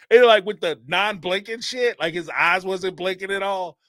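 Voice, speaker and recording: A man's voice: high-pitched, normal speed, no echo, clean studio sound. A man hosting a live call-in show, talking in a casual, rambling way and laughing often. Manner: animated and rambling, laughs often, acts out quotes. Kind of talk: casual commentary on a live stream.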